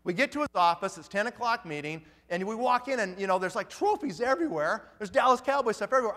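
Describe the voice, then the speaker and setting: A middle-aged man telling a story to an audience, lively and acting out the people in it. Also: high voice, quick pace, few pauses. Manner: animated, acts out the people in his story. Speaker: business speaker. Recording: long reverb of a large hall.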